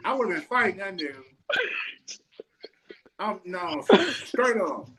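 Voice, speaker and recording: A man's voice: sits high, huge pitch swings, a little slow, creaky, pushed and bright, slight background noise, rough recording. A man joining a casual sports chat as a guest, ranting in a heated, profane way.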